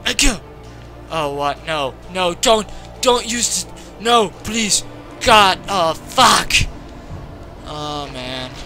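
A young man frantically commenting on a horror game he is playing, swearing and yelling at what happens on screen. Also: high-pitched, animated, drawn-out words. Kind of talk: frantic let's-play commentary. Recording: game music loud behind the voice.

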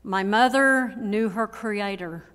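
A woman in her sixties gives a memorial eulogy for her mother in a church, speaking in an emotional, measured way with repeated phrases. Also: mid-range voice, a bit bright, clean tone. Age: 60s. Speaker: daughter giving a eulogy. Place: church sanctuary. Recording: long church hall reverb.

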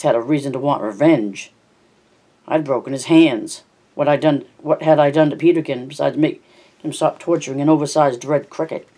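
With a darkish, medium-pitched voice, an amateur reader works through a first-person novel as an audiobook. Stumbles and self-corrections come up along the way.

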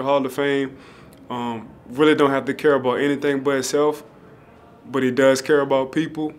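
A young adult man, a pro football player, giving an earnest, emotional spoken tribute, repeating phrases as he holds back tears. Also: medium pitch.

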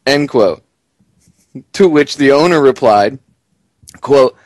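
A man hosting a talk radio show, giving excitable, indignant commentary and reading a story aloud with chuckles. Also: mid-range voice, takes it slowly, long pauses, no room sound.

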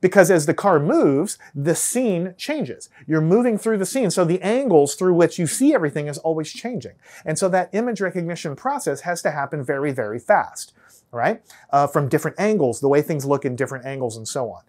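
A man's voice: on the high side, expressive, brisk, darkish tone. Easygoing Texan man giving a lecture. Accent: Texan American. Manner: conversational, often checks in with "right?" and restarts phrases. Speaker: teacher. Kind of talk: casual whiteboard lecture.

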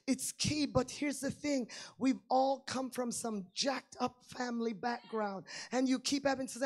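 A woman preaching a sermon with fervor, going from quiet asides to shouted climaxes. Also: on the high side, normal speed.

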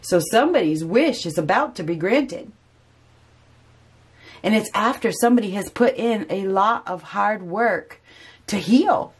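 A woman's voice: mid-range voice, animated, a little slow, husky. A woman giving a casual spoken tarot reading, chatty and repeating phrases for emphasis. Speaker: tarot reader.

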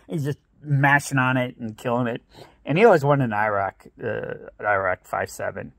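A man's voice: medium pitch, a little fast, a bit bright, dry recording. A middle-aged man from the Midwest telling stories in a casual vlog, laughing often and acting out what people said in a raised voice. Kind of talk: casual storytelling.

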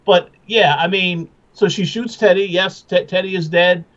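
A man co-hosting a podcast, giving his opinions in casual chat with halting starts and restarts. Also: high voice, fairly even intonation, fairly bright tone, muffled recording. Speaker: podcast co-host.

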